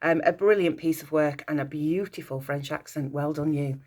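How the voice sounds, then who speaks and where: Her voice is low-pitched with a darkish tone, and she speaks at a normal speed. In this recorded school assembly address, the teacher praises and encourages her pupils' work, sprinkling in brief bits of French.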